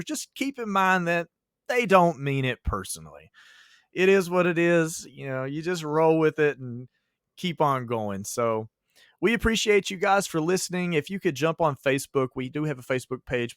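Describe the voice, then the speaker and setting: A man's voice: a little high, fairly bright tone, no room sound, studio quality. A man co-hosting a casual podcast, telling teacher stories in a joking way and laughing often.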